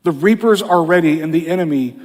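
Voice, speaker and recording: High-voiced preacher in a reverberant hall. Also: male voice, fairly quick, darkish tone. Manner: conversational preaching with frequent "you know". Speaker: pastor. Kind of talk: sermon.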